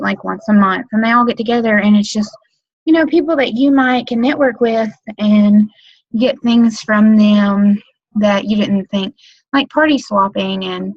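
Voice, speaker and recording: A woman's voice: mid-range voice, vocal fry, no room sound. Rambling woman on a dull webinar mic. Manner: rambling, lots of um, like and you know. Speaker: direct sales consultant training new team members. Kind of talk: casual webinar training talk. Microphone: computer mic on a webinar.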